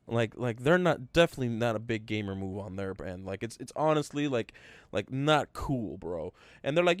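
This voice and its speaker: A man co-hosting a podcast, talking in a rambling, halting way with many fillers. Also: mid-range voice, sing-song, clear, resonant tone, dry recording. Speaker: podcast co-host. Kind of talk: casual chat.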